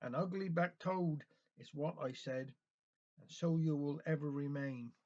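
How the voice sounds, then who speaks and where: A man's voice: a little high, measured pace, a little mellow, lightly acted. A man voicing a fierce, defiant old fishwife in a rhymed story, on a dull lo-fi recording.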